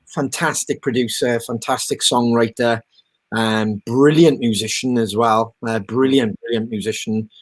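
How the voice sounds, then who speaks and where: A man's voice: medium pitch, fairly even intonation, a little slow, slightly rough. A man hosting a podcast in casual chat, rambling and swearing, full of ums. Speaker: podcast host.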